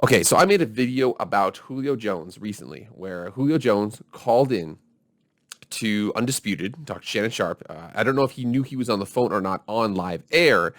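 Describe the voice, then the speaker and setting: A man's voice: lowish voice, dry recording, clean studio sound. A man hosting his own sports video channel, talking in a casual, blunt and ranting way. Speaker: YouTube sports channel host. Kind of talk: casual vlog commentary.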